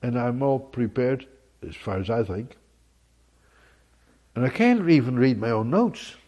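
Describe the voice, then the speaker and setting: Man, preacher, husky voice, sermon, quiet musing broken by loud emphatic outbursts. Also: mid-range voice, expressive, a little slow.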